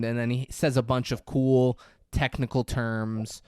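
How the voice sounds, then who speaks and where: A man on a comedy podcast with a smooth, resonant voice, mid-pitched and recorded close and dry. He talks in a sarcastic, swearing way as he recaps a movie. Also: level tone, measured pace, few pauses, darkish tone, no echo. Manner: sarcastic, profane, retelling a movie scene. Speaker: podcast host. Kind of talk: casual comedy podcast chat.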